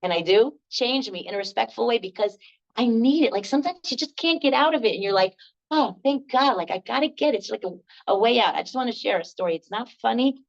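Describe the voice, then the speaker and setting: An older woman leading a laughter workshop, telling lively stories, laughing often and acting out the voices of the people in them. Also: a little high, fast, creaky, muffled recording. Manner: animated, laughs often, acts out quoted voices. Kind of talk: storytelling workshop talk.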